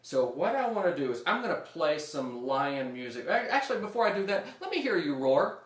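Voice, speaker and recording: A man's voice: on the high side, sing-song, a little fast. A young man teaching a music lesson for children, upbeat and leading the kids in call-and-response. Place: room at home. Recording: echoey room.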